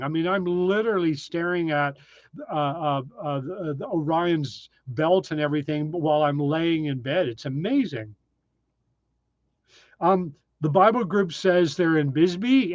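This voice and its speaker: A man hosting a relaxed live stream, talking through viewer comments with frequent ums and uhs. His voice sits slightly high, and the sound is dry and a little dull, like home stream audio. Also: dry recording. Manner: chatty, reads viewer names, frequent ums. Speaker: live-stream host reading chat. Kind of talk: casual live-stream chat. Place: tiny desert cabin, indoors.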